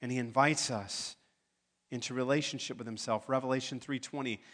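A man's voice: mid-range voice, normal speed, fairly bright tone. A man preaching a sermon as pastor, emphatic, building to urgent pleas.

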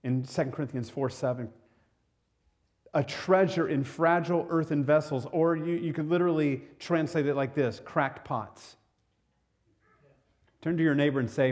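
A man's voice: on the high side, moderate pace, pauses often, a little mellow. Man preaching a conversational sermon. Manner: conversational, repeats words, asks the congregation questions. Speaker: pastor.

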